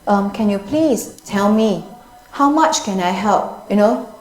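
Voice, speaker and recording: A woman's voice: medium pitch, lively intonation, unhurried, darkish tone, echoey room, a little hiss or hum, lightly acted, low-quality recording. A woman voicing a rich householder. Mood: eager. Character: rich male householder, startled then generous.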